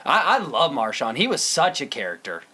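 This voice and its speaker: A young man co-hosting a casual podcast chat, animated and laughing often, slipping into quick put-on movie voices. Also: mid-range voice, husky. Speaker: podcast co-host.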